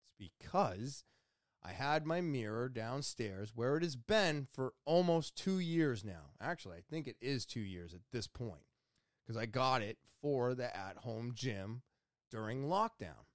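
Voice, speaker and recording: A young adult man casually retelling his morning in an animated, exasperated way, voicing his own thoughts as he goes. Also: mid-range voice, unhurried, dry recording, clean studio sound. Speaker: vlogger. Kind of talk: casual storytelling to camera.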